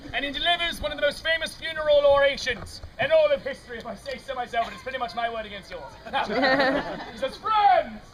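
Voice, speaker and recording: A woman's voice: sits high, low-quality recording. A woman narrating an interactive comic street-theater show, playfully ad-libbing and calling out lines for the audience to repeat. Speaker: comedic storyteller leading audience participation. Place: outdoor fair stage. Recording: outdoor recording with a loud crowd. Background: loud live audience.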